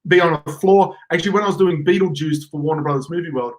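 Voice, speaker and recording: A man's voice: on the high side, fast talker. A man co-hosting a casual live stream, joking around and laughing often. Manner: joking, playful, breaks into silly voices and laughter. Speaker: co-host.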